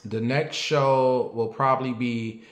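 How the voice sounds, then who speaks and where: Man, late 30s, show host doing casual commentary; blunt and profane, mid pitch, echoey room. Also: steady tone, slow. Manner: blunt, profane and talkative, asking the audience questions. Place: at home.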